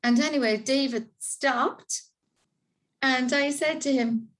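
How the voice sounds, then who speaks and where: An Irish woman in her fifties tells her own story in an interview, earnest and heartfelt. Her voice sits a little higher than most women's, and she brings the scenes to life by voicing the people in them. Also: takes it slowly. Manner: earnest, emotional, acts out quoted dialogue. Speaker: interview guest, parent carer. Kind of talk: personal storytelling in conversation.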